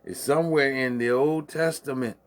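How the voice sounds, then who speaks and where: A man with a medium-pitched voice and moderate pace hosts a casual late-night livestream monologue. His street talk is loose, profane and preachy, and he laughs at his own jokes.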